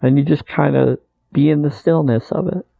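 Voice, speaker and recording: Gravelly, mellow-voiced man musing on prayer. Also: on the high side, fairly even intonation, moderate pace, no room sound, low-quality recording. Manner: earnest, meandering, repeats phrases, soft laughs. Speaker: spiritual video maker. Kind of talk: rambling spiritual monologue.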